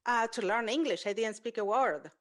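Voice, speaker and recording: A woman's voice: a little high, normal speed. A woman hosting an interview podcast, a native Spanish speaker talking in an earnest, reflective way. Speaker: podcast host. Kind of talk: conversational interview.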